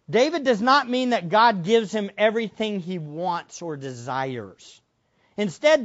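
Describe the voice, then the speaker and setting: A man preaching a sermon, emphatic, with many rhetorical questions to the congregation and big swings between loud and soft. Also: sits high, muffled recording. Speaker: pastor.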